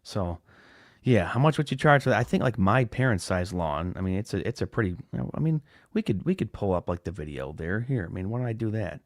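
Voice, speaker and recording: A man's voice: lowish voice, lively intonation, a little fast, dry recording, clean studio sound. A man hosting a lawn care podcast live, chatting casually and rambling with restarts and fillers. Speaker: podcast host. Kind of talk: casual live-stream chat.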